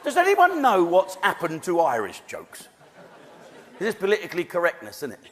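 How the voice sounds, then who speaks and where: Bright-voiced man telling a stage joke. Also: high-pitched, wildly swooping pitch, moderate pace, some chatter behind. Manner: chatty storyteller, slips into quoted voices. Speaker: stand-up comedian.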